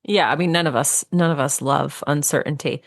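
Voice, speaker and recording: A woman hosting a podcast in a low, deep voice, upbeat and conversational. The sound is close and dry, with no room around it. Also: a little fast, dry recording. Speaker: podcast co-host. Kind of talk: casual podcast chat.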